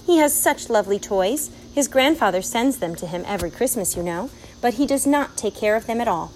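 A woman's voice: fairly high pitch, animated, brisk, a little mellow, a little hiss or hum, natural voice, poor audio. A woman voicing a fussy, worried housewife and mother in a storybook reading, prim and exasperated.

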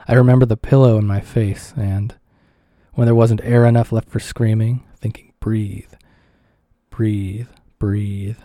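Dark-voiced man reading a somber memoir. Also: lowish voice, no echo, clean studio sound. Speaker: audiobook reader. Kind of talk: first-person memoir narration.

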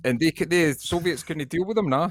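A man's voice: fairly high pitch, a little fast, no echo, clean studio sound. A man, co-hosting a casual podcast in a rambling, sweary, laughing way. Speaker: podcast co-host.

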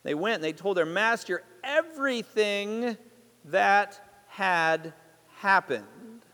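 A male pastor with a very high voice, preaching to his congregation. He retells the parable like a story and keeps asking the listeners questions. His voice rings with the long reverb of a large church hall. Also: lively intonation, takes it slowly, bright, forceful tone. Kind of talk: sermon.

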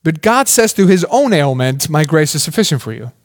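A man's voice: on the high side, very animated, a little fast. A man preaching a sermon in a casual, conversational way, asking many questions and often saying "like". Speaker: pastor.

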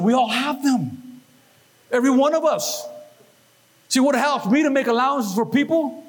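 A man preaching a lively sermon, animated and quick to act out voices and quoted lines. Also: extremely high pitch, slightly rough. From Northern California. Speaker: pastor.

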